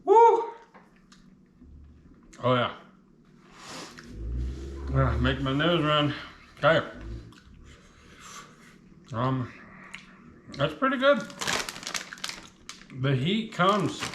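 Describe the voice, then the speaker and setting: A man's voice: mid-range voice, lively intonation, very slow, pauses often, fairly bright tone, roomy sound, slight background noise. A man casually reviewing spicy chips on his vlog, chatting with his mouth full while the heat burns. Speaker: food reviewer.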